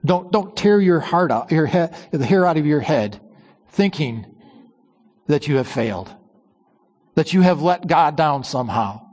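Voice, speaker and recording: A male preacher with a fairly high voice delivers an emphatic sermon, stretching out key words. His phrases often fall to a low hush, and a long church reverb trails after him. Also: expressive, unhurried, pauses often.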